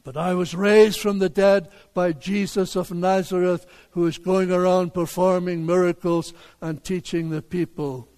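A preacher speaking as Lazarus, a calm man back from the dead who states his story plainly. The voice sits high for a man and moves slowly, with a long reverb trailing behind. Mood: assured.

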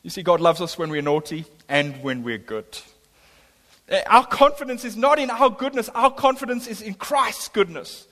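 A man's voice: high-pitched, animated, moderate pace, fairly bright tone. A middle-aged man preaching a sermon as pastor, his voice swelling on key lines. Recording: long hall reverb.

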